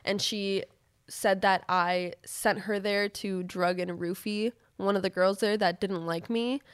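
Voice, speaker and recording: A woman's voice: mid-range voice, unhurried, smooth, dry recording, studio quality. A young woman telling a story as a podcast guest, rambling with constant fillers and swearing. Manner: rambling, filler-heavy, profane, animated retelling. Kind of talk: casual storytelling.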